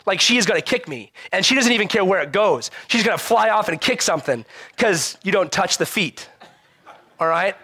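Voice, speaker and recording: A married man, a pastor, preaching a sermon with animated acted-out quotes and humor. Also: sits high, moderate pace, slightly rough, dry recording, clean studio sound. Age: adult married man.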